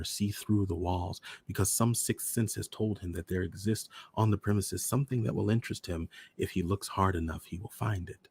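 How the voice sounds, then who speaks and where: A man hosting a storytime show, reading a short story aloud in a measured, deliberate way. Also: low-pitched, darkish tone, breathy edge. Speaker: storyteller host.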